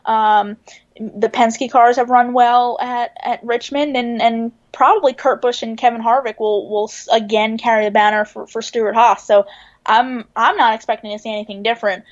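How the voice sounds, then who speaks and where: A woman with a fairly high voice talks through her thoughts in a measured, thinking-aloud way, dotted with fillers and restarts. The sound is a little dull and lo-fi. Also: steady tone. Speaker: guest racing writer. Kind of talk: casual podcast chat, analysis.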